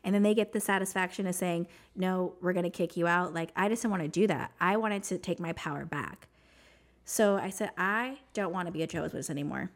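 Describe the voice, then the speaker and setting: Lively low-voiced woman telling her story. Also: quick pace. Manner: animated, says "like" a lot, acts out what others said. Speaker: interview guest. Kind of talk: personal storytelling in casual conversation.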